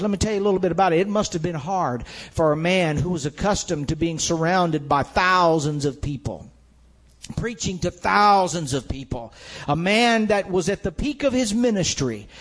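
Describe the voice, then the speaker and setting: A man's voice: high-pitched, moderate pace. A man preaching a sermon with an emphatic, repetitive cadence, building his points through rhetorical questions.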